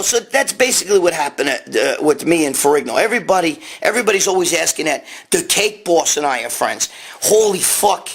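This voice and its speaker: A man's voice: fairly high pitch, fairly bright tone, husky. A man hosting a casual live stream, rambling and swearing as he reads out viewer questions on his phone. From New York. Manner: profane, rambling, reads comments aloud. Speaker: host answering viewer questions.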